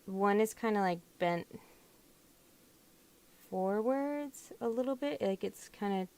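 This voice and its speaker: In this casual crafting vlog, a young doll hobbyist talks through a fiddly job at home, often letting out exclamations as she goes. She speaks slowly, in a medium-pitched voice with a darkish tone.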